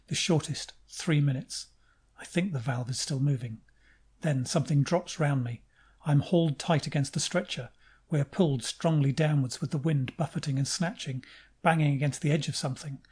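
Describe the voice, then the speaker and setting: Male audiobook narrator, dark mellow tone, measured first-person reading. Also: fairly high pitch, slightly rough.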